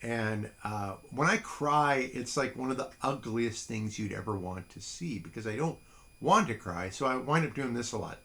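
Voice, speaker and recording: A man's voice: medium pitch, expressive, moderate pace, gravelly, bright, forceful tone. A middle-aged man hosting a casual solo podcast, rambling and self-deprecating with lots of fillers. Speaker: podcast host. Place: small home studio.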